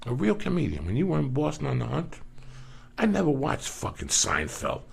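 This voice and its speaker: Middle-aged man, very gravelly voice, lively swooping pitch, profane animated podcast storytelling. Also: normal speed. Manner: animated, swearing constantly, acting out other voices. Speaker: comedian guest.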